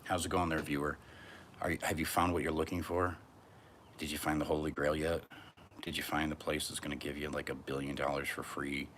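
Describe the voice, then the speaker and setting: A man's voice: a bass voice, fairly quick, creaky, a bit bright, slight background noise. A man vlogging from a back porch outdoors, talking in a brash, profane, rambling monologue.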